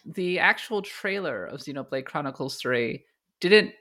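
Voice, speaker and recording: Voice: mid-range voice, expressive, measured pace, pushed and bright. A podcast co-host talking casually about games, weighing opinions carefully and aloud. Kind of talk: casual game chat.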